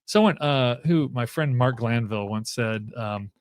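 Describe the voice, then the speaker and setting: A man's voice: medium pitch, unhurried, no echo, studio quality. A man speaking as a guest professor in a casual interview, thinking aloud with frequent fillers and restarts.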